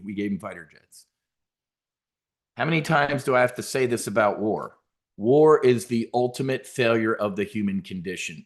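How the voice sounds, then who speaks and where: Man, middle-aged, trading show host, lowish voice, blunt, swears a lot, rambling live commentary.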